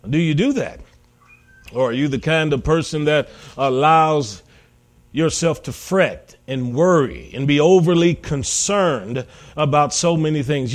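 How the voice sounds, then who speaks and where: A male preacher delivering a sermon, retelling Bible stories and acting out the voices of the people in them, building to loud, emphatic peaks. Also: a little high. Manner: storytelling, acting out voices of biblical figures.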